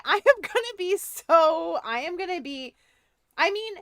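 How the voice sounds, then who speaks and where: A woman's voice: very high-pitched, very animated, unhurried, fairly bright tone, no room sound, clean studio sound. A young woman streaming a game, chatting casually to her viewers, rambling and giggling often. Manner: giggly, rambling, talks to chat. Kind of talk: casual livestream chat while gaming.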